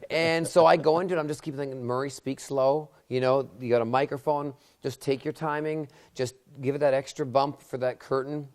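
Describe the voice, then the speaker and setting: A man working as a magician, telling a story in a casual interview with animated, sudden bursts of excitement. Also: medium pitch, brisk, few pauses.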